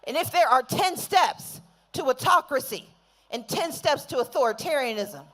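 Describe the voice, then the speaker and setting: A woman's voice: high-pitched, lively intonation, moderate pace, a bit bright. A woman delivering a rousing outdoor rally speech, leading the crowd in call-and-response chants. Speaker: rally speaker.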